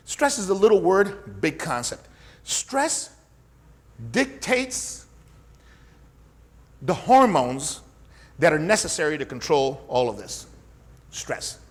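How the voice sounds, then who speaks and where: A middle-aged fitness coach and podcast host, with a fairly bright voice on the high side, gives an energetic teaching monologue. He teaches emphatically, repeating points and asking rhetorical questions.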